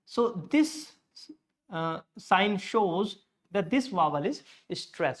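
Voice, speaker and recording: A man's voice: fairly high pitch, slow pace. A man giving a spoken lesson as an English pronunciation teacher, explaining things methodically, step by step.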